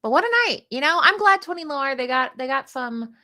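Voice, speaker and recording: A woman's voice: sits high, animated, fairly quick, pushed and bright. A woman co-hosting a game tournament livestream, chatting casually with self-deprecating jokes. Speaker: tournament stream co-host.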